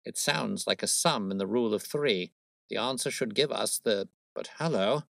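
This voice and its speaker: A man's voice: on the low side, normal speed, vocal fry, a bit bright, dry recording. A man doing a dry, precise detective. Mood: lecturing. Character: sharp, cool-headed male detective, dry and precise. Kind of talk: storybook reading.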